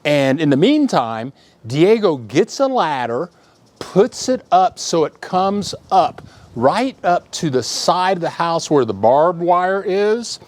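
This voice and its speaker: Slow, lively male storyteller. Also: a little high. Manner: animated, acts out sounds and shouts in his tale. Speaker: vlogger telling a story. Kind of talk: casual storytelling to camera.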